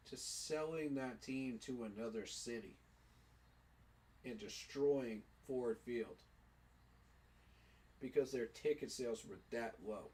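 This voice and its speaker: A man's voice: medium pitch, darkish tone, breathy edge. A man giving an emotional, preacher-like fan monologue, repeating his phrases for emphasis. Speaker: sports fan commentator.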